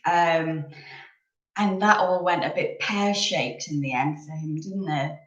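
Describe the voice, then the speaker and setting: Woman, 30s, from England; unhurried, rambling live-chat host; echoey room. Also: low-pitched, lo-fi sound. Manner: chatty, rambling, sips coffee.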